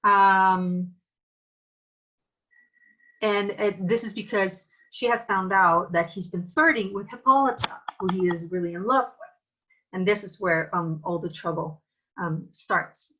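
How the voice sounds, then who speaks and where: A woman teaching an acting lesson in a thoughtful, casual way, pausing often with fillers. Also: medium pitch, fairly bright tone, muffled recording. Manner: thoughtful, many filler pauses. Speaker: drama teacher.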